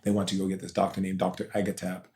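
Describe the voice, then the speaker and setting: A man's voice: low-pitched, monotone, very fast, darkish tone. A man being interviewed on a podcast as a spiritual teacher, telling a personal story in an intense, emotional way. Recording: roomy echo.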